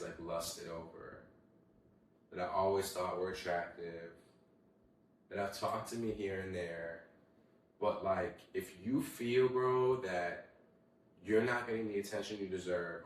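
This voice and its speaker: Low-voiced young man in an echoey room. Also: distant mic, slight background noise. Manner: animated storytelling, heavy swearing, acts out quotes. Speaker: podcast host. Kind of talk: casual solo podcast chat. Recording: very echoey room, voice away from mic.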